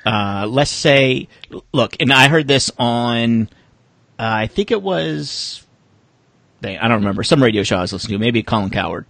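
A man's voice: medium pitch, expressive, moderate pace, creaky, a bit bright, dry recording. A man co-hosting a casual sports podcast, laughing often and telling crude jokes. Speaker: podcast co-host.

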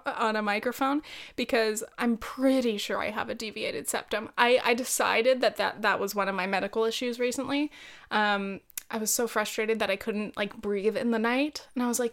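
A woman's voice: fairly high pitch, a bit bright. A young woman hosting her own podcast, chatting casually and laughing at herself as she goes. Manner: chatty, giggly and self-deprecating. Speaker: podcast host. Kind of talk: casual solo podcast chat.

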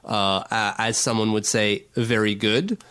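A man's voice: fairly low pitch, steady tone, a little slow, fairly bright tone, clean tone. Rambling, stammering male podcast co-host. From not from Long Island. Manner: rambling, self-correcting, stammers on restarts. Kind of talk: casual sports talk.

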